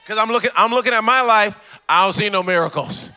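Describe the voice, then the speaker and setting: A man's voice: high voice, fairly quick, bright, forceful tone, clear, resonant tone, a faint crowd. A man preaching a sermon as pastor, repeating questions rhythmically and adding humorous asides.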